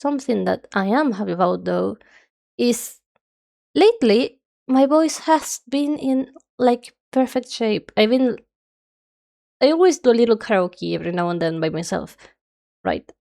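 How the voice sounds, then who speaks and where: A woman's voice: on the high side, expressive, measured pace, creaky, pauses often, mellow. A young woman streamer chatting casually and rambling nonstop while she draws, her nose stuffy. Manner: rambling, chatty, self-described yapping.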